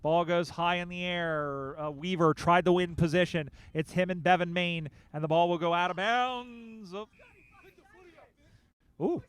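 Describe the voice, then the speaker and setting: A man calling a live game as play-by-play commentator, building excitement in quick bursts on the big plays. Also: high-pitched, clear, resonant tone. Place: outdoor sports field broadcast.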